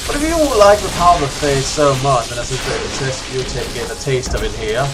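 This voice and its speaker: A man's voice: mid-range voice, animated, fairly quick. A man doing casual, sarcastic commentary while playing a game, mocking the enemy. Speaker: let's play host. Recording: game music behind the voice.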